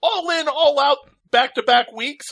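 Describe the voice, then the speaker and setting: A man chatting excitedly about wrestling on a podcast, giving exasperated opinions. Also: very high-pitched, unhurried, no room sound, low-quality recording. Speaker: podcast co-host. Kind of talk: casual wrestling chat.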